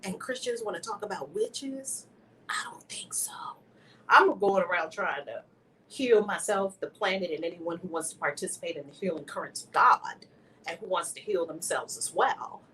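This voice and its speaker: A woman speaks with impassioned, preacher-like emphasis, her voice swinging between loud exclamations and near-whispers. She sits a little back from the mic, and a faint hiss of background noise runs under her voice. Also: lowish voice, normal speed, recorded from a distance, rough recording. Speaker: host of a spiritual video channel. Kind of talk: impassioned spiritual teaching to camera.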